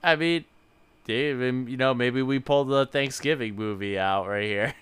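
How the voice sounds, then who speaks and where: A man's voice: mid-range voice, a little slow, a bit bright, clean tone. A man co-hosting a casual movie podcast, laid back, laughing and tossing in playful quips. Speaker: podcast co-host.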